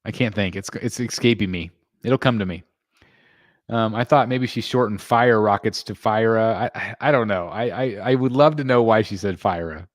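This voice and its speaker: A man's voice: moderate pace, no room sound, studio quality. Chatty man hosting a live stream. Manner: chatty, reads viewer comments aloud and thanks members; excitable, jumps in pitch when greeting members. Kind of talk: casual live stream chat. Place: home room.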